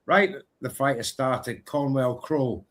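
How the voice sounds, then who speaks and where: A man from Britain co-hosting a live boxing watchalong, excitable and energetic in his play-by-play. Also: medium pitch, takes it slowly. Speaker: co-host.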